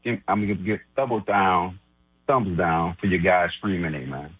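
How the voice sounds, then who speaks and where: A man's voice: low-pitched, normal speed, breathy edge, dry recording. A man calling in to a sports radio show to mock a rival host. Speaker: caller. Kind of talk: call-in rant. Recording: tinny phone line.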